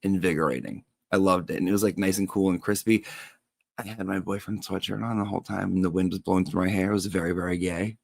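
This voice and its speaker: Man, low voice, chatty comic teacher persona, gossipy and theatrical, dry close sound. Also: steady tone, quick pace, creaky, no echo. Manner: chatty, gossipy, swears casually. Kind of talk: gossipy livestream monologue.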